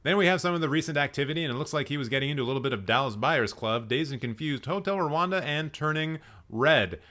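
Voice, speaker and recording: A man's voice: a little high, animated, fast, pushed and bright. A man hosting a casual live stream, playfully roasting people and laughing at his own jokes while he rambles and corrects himself. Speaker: host.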